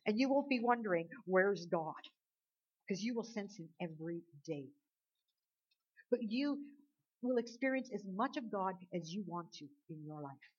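A woman preaching a sermon with animated delivery, rising to loud emphasis and dropping to near quiet. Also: medium pitch, normal speed, husky. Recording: dull lo-fi recording.

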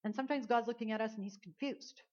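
A woman's voice: fairly high pitch, fast, a little mellow. A woman pastor preaching a sermon at a church service, earnest and conversational, often repeating words as she builds a point. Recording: dull lo-fi sound.

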